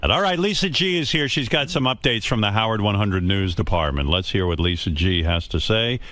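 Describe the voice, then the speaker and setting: A man's voice: lowish voice, fairly quick, no echo. A man hosting a radio talk show, with a sardonic, mocking way of talking in casual banter. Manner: sardonic, mocking, animated delivery.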